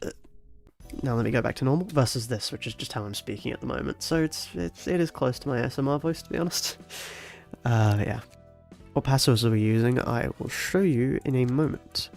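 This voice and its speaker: A man with a congested head cold talks through his game in a soft, subdued voice at a middling pitch. His commentary is low-key and casual, with faint music under it. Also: fairly quick, gravelly. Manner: soft, low-volume talk with sighs and small laughs. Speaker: game streamer.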